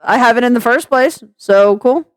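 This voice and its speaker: A sarcastic woman vents to camera in a high, pointed voice, breaking into laughter as she reacts. The sound is close and dry, with no room around her. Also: moderate pace, clear, resonant tone, no room sound. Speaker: vlogger. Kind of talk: venting commentary.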